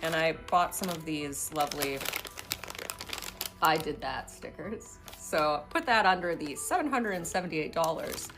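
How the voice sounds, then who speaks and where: A woman telling a casual story in an animated way, acting out the voices she quotes. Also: low voice, a little slow, over music. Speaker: social media storyteller.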